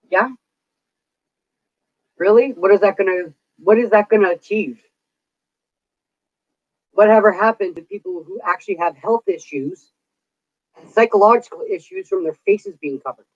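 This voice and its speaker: A woman with a mid-range voice vents on her vlog at a normal speed, pausing often and cursing freely throughout her casual rant. Her audio is dull, dry, and lo-fi.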